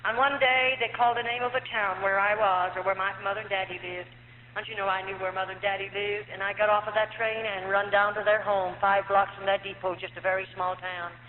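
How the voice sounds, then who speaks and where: A woman's voice: medium pitch, little pitch movement, fairly quick. A middle-aged woman from the United States telling her life story as a personal testimony, earnest, her voice rising and falling with feeling. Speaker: former nun giving testimony. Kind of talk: emotional personal testimony to an audience. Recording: tinny lo-fi archive tape in an echoey hall, faint hum.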